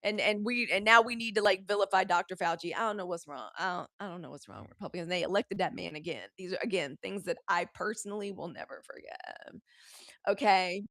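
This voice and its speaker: A woman's voice: fairly low pitch, fairly quick, a bit bright, no echo, clean studio sound. A woman hosting a live news commentary show. She talks casually and bluntly, with profanity, and speaks straight to her viewers. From United States.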